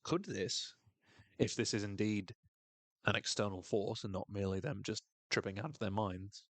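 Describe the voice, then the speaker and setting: A man's voice: fairly low pitch, normal speed, no echo. A man co-hosting a podcast, recapping a TV episode in a casual, wry way and acting out quotes. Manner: dry, wry humor, reads quotes in a voice.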